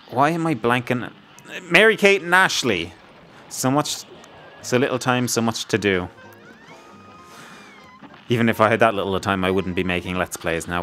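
Male let's-play host, lowish voice, rambling self-mocking jokes over the gameplay. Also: a bit bright. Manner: jokey rambling banter, talks to himself. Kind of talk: gameplay commentary.

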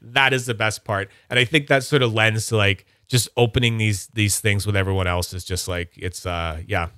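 A man hosting a casual livestream, rambling enthusiastically about his collection and slipping into high silly voices when he quotes people. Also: fairly even intonation, normal speed, sharp tone, no echo, studio quality. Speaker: livestream host.

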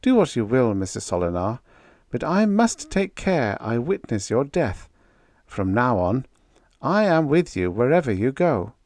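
An audiobook narrator voicing Ermin, a calm, courteous male agent who speaks in a gentle, precise and formal way. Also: mid-range voice, a little slow, no room sound, clean studio sound, pitched above the performer's own voice. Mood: measured, formal.

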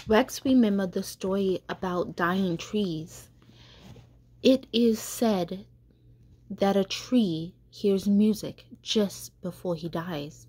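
A woman catechist reading a children's story aloud, slow and careful, with small stumbles. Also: mid-range voice, a little mellow, breathy edge.

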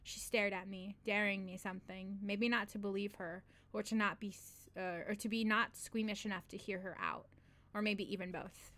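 A woman's voice: medium pitch, fairly even intonation, moderate pace, fairly bright tone. A woman hosting a read-along, reading a short story aloud in a loose, slangy first-person voice and breaking off for casual asides where she laughs and swears. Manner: reads a street-wise first-person narrator in a loose, slangy drawl.

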